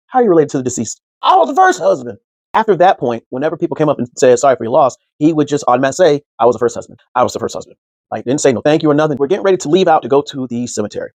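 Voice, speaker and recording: A man's voice: medium pitch, no echo. A man telling a casual personal story as a podcast host, loose and conversational, acting out the people he quotes. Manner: animated, acts out quoted speech in others' voices; loose and conversational, full of fillers.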